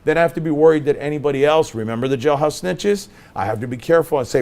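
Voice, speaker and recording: A middle-aged man gives a class lecture as a working lawyer, and he talks in a lively storytelling way. He slips in and out of acted-out exchanges, playing both himself and the other person. His voice sits at an ordinary, middle pitch for a man. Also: racing. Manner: animated storytelling, acting out both sides of conversations.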